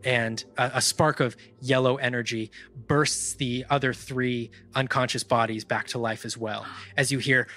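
A man narrating a tabletop game as game master, describing scenes in a measured way with fillers. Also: mid-range voice, steady tone, bright, forceful tone.

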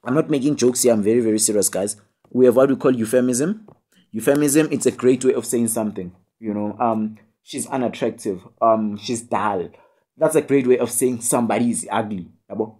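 A man's voice: medium pitch, brisk, mellow, breathy edge. A young man with a South African accent, giving a casual video tutorial on poetry with many fillers and tag questions, joking and scolding his students. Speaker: online tutor.

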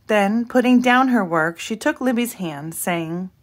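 Woman, storybook reader, reading aloud, expressive, middle pitch. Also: measured pace, hardly any pauses. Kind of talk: reading a picture book aloud.

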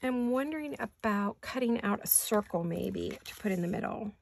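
A woman's voice: mid-range voice, animated, moderate pace, gravelly, darkish tone. A middle-aged woman chatting casually as she crafts, thinking aloud and laughing often. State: hiccuping. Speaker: craft vlogger. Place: home craft studio.

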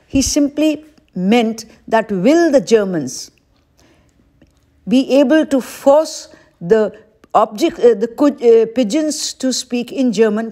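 A woman teaching an exam-prep lesson at an unhurried, deliberate pace. Her voice sits a little high yet sounds soft and mellow. She patiently repeats each question aloud as she works through it. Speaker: English teacher.

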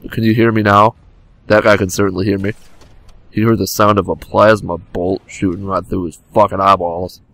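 A young man jokes his way through a game at home by his console, flipping between mock drama and sudden yelps and sometimes leaning back from his desk mic. His voice is low, creaky and fairly bright, delivered flatly at a moderate pace, with a little hiss or hum.

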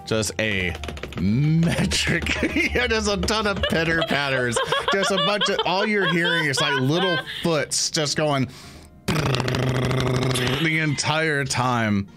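A man's voice: a little high, very animated, unhurried, loud music behind the voice. A man narrating a tabletop game as game master, rambling and often laughing.

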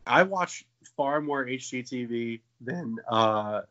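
This twenty-something co-host of a casual comedy podcast is animated yet takes it slowly, with a bright, forceful tone. He jokes, swears, and bursts into silly high voices, and the recording has its highs cut off.

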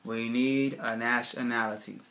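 A man's voice: mid-range voice, steady tone, unhurried, sharp tone, slight background noise. A man giving a casual spoken lecture over slides, emphatic and full of rhetorical questions, often checking in with his listeners and restarting sentences. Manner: emphatic, keeps asking "right, people?".

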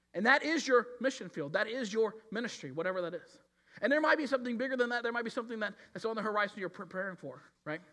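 A man's voice: high-pitched, sharp tone. A man preaching a sermon in an earnest manner, with frequent restarts and acted-out quotes. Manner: earnest, repeats words and restarts often, acts out quoted voices. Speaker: pastor.

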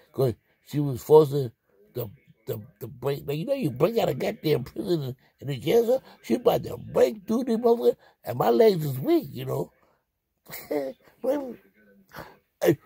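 Breathless gravelly man rambling crudely. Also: sits high, sing-song, normal speed, a little mellow. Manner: crude, joking, laughs often. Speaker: vlogger. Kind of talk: rambling comic monologue.

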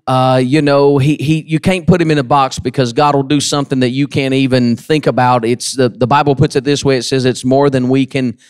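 A man preaching a sermon in church, telling a folksy story and building to shouted emphasis. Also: medium pitch, steady tone, fairly quick, few pauses, smooth, no room sound, clean studio sound. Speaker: pastor.

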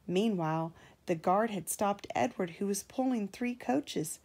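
Mom reading a kids storybook out loud, slow and expressive, medium pitch. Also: female voice, breathy edge. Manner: slow and expressive, raising her voice for characters. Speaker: parent reading aloud. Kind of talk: storybook read-aloud with character voices.

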